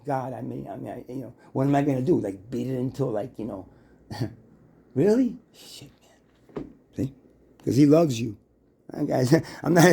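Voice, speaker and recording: Gravelly, husky male voice with a dark tone, rambling and preachy, full of restarts and rhetorical questions. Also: mid-range voice. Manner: halting, restarts and stammers.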